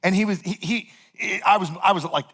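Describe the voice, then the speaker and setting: Male pastor with a somewhat high voice, loose and chatty, storytelling sermon. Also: moderate pace, slightly rough. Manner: animated, conversational, heavy use of "like".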